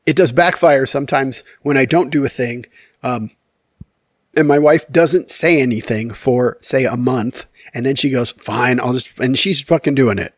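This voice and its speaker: A man of medium pitch tells a casual, rambling story straight to his viewers, full of ums and restarts. His humor is wry and self-deprecating. The sound is dry and close, with no room echo. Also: moderate pace. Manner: rambling and candid, with many fillers and self-corrections. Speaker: YouTube storyteller.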